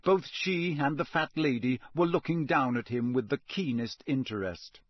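A man reading an audiobook in a measured, steady storytelling voice. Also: medium pitch, no echo, clean studio sound. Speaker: narrator. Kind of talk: audiobook narration.

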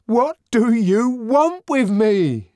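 A man voicing a cornered, furious young outsider in an audiobook, shouting and strained with a pleading edge. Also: extremely high pitch, lively intonation, extremely slow, no echo, studio quality, voice pushed up, full character voice. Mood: angry, desperate.

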